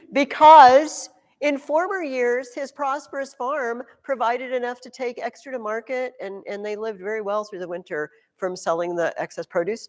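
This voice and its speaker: A woman teaching a junior high history class, telling stories in an animated way with playful asides. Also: moderate pace, long reverb tail. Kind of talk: classroom lecture.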